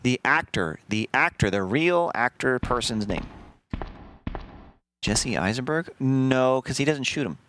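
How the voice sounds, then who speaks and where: A man streaming a video game, chatting casually and telling a rambling, profane story in an animated way. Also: mid-range voice, measured pace, a little hiss or hum. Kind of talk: casual gameplay commentary.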